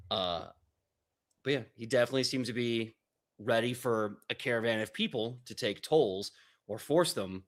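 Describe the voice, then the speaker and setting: A man narrating as game master of a tabletop game, relaxed and joking. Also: lowish voice.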